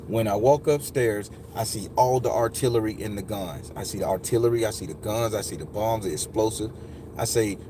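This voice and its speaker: A man's voice: fairly low pitch, noisy background. A man telling a personal story to his viewers, candid and profane, addressing them directly. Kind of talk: emotional first-person storytelling.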